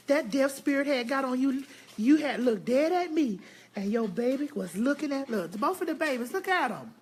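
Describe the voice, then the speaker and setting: A woman vlogger telling a story at home in a casual, emphatic and animated way. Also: high-pitched, moderate pace, a little hiss or hum. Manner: emphatic and animated, often addressing viewers as "girl". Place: home, indoors.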